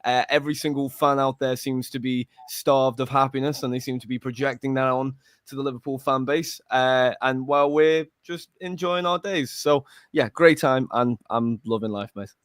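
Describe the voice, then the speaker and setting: A man's voice: mid-range voice, steady tone, normal speed, few pauses, clear, resonant tone, no room sound, studio quality. A man joining a casual fan panel over a video call, laid-back and joking at his own expense. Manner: laid-back, self-mocking banter. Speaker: panel guest.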